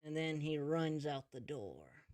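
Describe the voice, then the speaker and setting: A man's voice: a little high, very animated, a little slow, darkish tone, dry recording. A man narrating a tabletop role-play as game master, telling the story casually with asides to the players.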